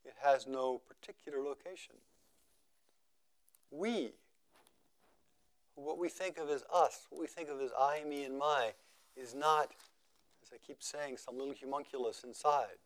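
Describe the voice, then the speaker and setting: Speaking slowly at a meditation retreat, a man in a mid-range voice gives a measured, contemplative dharma talk. He leans on repeated phrases for emphasis and lets his voice go quiet as each idea finishes.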